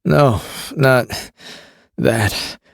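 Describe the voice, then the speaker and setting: A man's voice: medium pitch, sing-song, takes it slowly, darkish tone, no echo, clean studio sound, voice pushed up. A man voicing a wry, queasy young smuggler in an audiobook, with a whiny, wisecracking delivery. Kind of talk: audiobook character voice.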